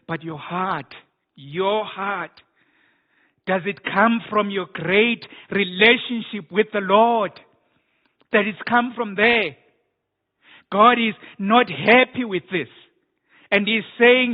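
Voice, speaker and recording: Man, preacher, sermon, emphatic, repeats words, high voice, tinny phone-like sound. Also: takes it slowly, pauses often. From South Africa. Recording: phone-like narrow band.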